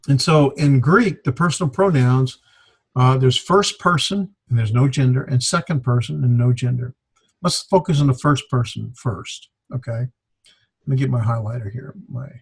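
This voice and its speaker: Husky man teaching a grammar class. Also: mid-range voice. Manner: halting, filler-heavy explaining. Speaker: Greek teacher. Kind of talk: classroom lecture.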